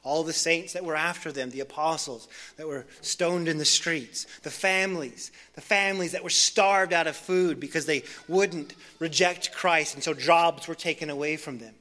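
Bright-voiced earnest male preacher. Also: fairly high pitch, normal speed, few pauses. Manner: earnest, builds intensity in lists, then drops soft. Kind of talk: expository sermon.

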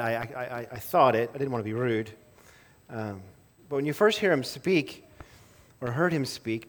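Conversational man preaching a sermon. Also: medium pitch. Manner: conversational, self-interrupting with small laughs and repeated words. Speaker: pastor.

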